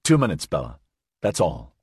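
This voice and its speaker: A man doing a wary low-voiced doctor. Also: huge pitch swings, slightly rough, no room sound, clean studio sound, exaggerated voice. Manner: measured, clinical, wary. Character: cautious, guarded male doctor, low-voiced.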